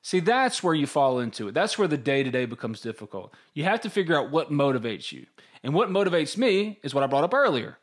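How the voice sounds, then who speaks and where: A man's voice: fairly high pitch, brisk. A man, co-hosting a casual sports podcast, talking candidly and acting out his own inner voice. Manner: candid, animated storytelling with quoted inner voices. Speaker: podcast co-host.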